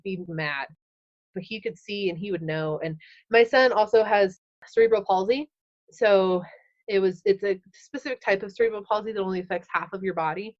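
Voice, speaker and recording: A woman in her thirties tells her personal story as a podcast guest, candid and unscripted. She keeps saying "like" and voices her past thoughts as little quoted scenes. The audio sounds a bit dull and lo-fi. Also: medium pitch. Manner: fills speech with "like", acts out her own past thoughts.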